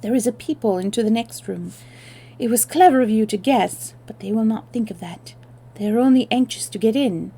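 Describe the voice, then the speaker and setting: A woman's voice: on the high side, fairly quick, slightly rough. Woman putting on a bold young French maid. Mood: urgent. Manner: urgent and hushed, with French exclamations. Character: young French maid girl, quick and daring.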